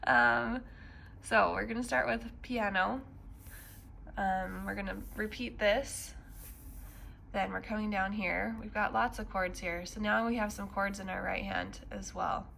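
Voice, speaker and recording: A woman's voice: mid-range voice, steady tone, measured pace, creaky, sharp tone, a little hiss or hum. A woman teaching a piano lesson, explaining the music patiently with frequent ums and counting beats aloud. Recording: piano playing underneath.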